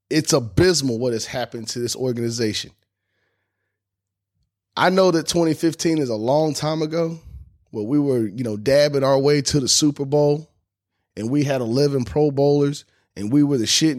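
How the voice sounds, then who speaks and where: Hosting a fan sports podcast, a man launches into a fired-up, indignant rant, cursing freely and sounding fed up. His voice sits at an ordinary middle pitch for a man.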